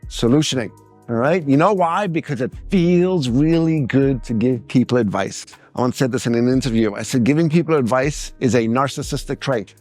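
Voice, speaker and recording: A middle-aged man speaks at a seminar in a medium, ordinary pitch. He is an animated storyteller who slips into other people's voices mid-anecdote. Faint music sits behind him. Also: normal speed. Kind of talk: seminar talk with acted-out anecdotes.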